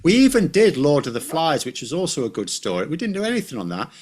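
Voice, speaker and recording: A man's voice: a little high, wildly swooping pitch, fast talker. A British man guesting on a live stream, arguing bluntly and dryly against popular opinion. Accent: British English. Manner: blunt, contrarian, dry. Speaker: guest commentator. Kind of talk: casual debate on a live stream.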